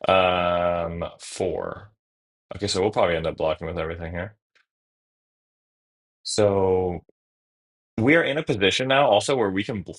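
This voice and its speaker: A man streaming a card game, talking through each move out loud in a casual, self-correcting way. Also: sits low, low-quality recording. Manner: thinks aloud through each move, casual, trailing restarts. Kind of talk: live-stream gameplay commentary.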